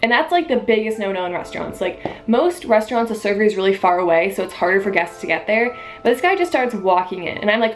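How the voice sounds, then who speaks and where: A woman's voice: mid-range voice, quick pace, few pauses, soft background music. Young woman ranting about waitressing. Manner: animated, emphatic retelling with quoted dialogue. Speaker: vlogger, waitress. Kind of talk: casual storytelling rant.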